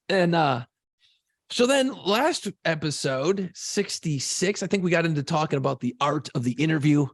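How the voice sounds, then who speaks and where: A man's voice: on the high side, animated, a little fast, fairly bright tone, no echo. A man co-hosting a podcast in casual chat, telling stories animatedly and swearing freely. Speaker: podcast co-host.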